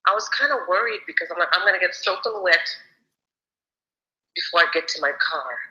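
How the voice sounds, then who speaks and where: Fast, bright woman over a tinny phone. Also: on the low side, animated, echoey room. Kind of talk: casual phone call.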